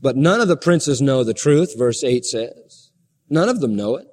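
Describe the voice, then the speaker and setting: A man preaching a sermon with emphasis, firing rhetorical questions and shifting his pace from slow to quick. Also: medium pitch, animated, a little mellow, long reverb tail.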